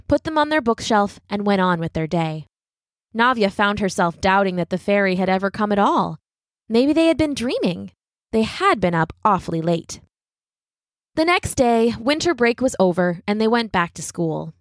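Storybook narrator, woman, animated, lively reading, dry close sound. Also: mid-range voice, moderate pace, dry recording.

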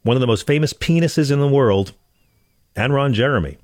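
A man's voice: medium pitch, brisk, dry recording, studio quality. A man hosting a comedic political monologue, sarcastic and ranting, stammering as he gets worked up. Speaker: show host.

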